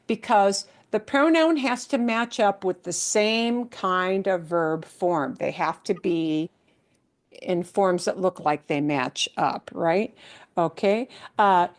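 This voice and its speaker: A woman teaching a Spanish lesson, explaining patiently and often checking in with her students, mixing English with Spanish examples. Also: medium pitch. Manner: slow, patient explaining with many checks like "right?". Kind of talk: live language lesson.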